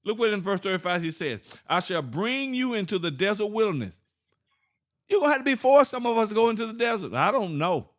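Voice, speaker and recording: A man with teaching scripture informally, asking rhetorical questions, laughing and reading verses slowly. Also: sits high, very animated. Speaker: Bible teacher.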